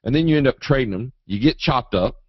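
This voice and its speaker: A man teaching a live trading webinar in a folksy, animated way, acting out quotes and chart moves. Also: mid-range voice, fast talker, dry recording. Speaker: trading educator. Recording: dull, dry webinar audio.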